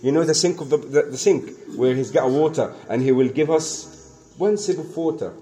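Earnest man preaching, mellow voice. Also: a little high, moderate pace. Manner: earnest, repetitive, acts out the dialogue of the story. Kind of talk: sermon storytelling.

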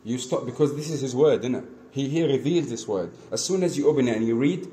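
A man preaching an earnest lesson, repeating phrases and swinging between soft asides and emphatic calls. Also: mid-range voice, lively intonation, fast, slight background noise. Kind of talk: mosque lesson, storytelling sermon.

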